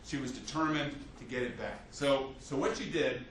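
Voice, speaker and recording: A man teaching a history class as a lecturer, telling the story with lively restarts and fillers. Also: mid-range voice, moderate pace. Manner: animated storytelling with many restarts. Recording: echoey classroom from a distance, faint hiss.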